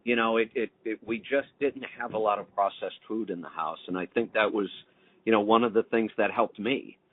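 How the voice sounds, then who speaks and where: A man's voice: on the low side, a little fast, no room sound. A middle-aged man hosting a casual interview, asking questions and sharing opinions in a conversational way. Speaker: podcast host. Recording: tinny phone-line audio.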